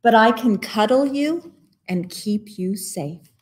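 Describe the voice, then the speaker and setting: A woman reading aloud gives voice to a kind, protective polar bear in a picture book. She speaks slowly and steadily, warm in intent and reassuring. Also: fairly high pitch, lively intonation. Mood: tender. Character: gentle caring female polar bear.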